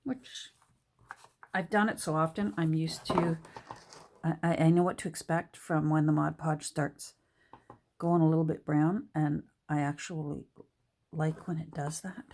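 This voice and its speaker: A woman talking casually through a crafting tutorial at her desk, soft-spoken and hesitant, with many fillers and restarts. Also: deep voice, steady tone, measured pace, long pauses. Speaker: junk journal crafter. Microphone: camera on the desk.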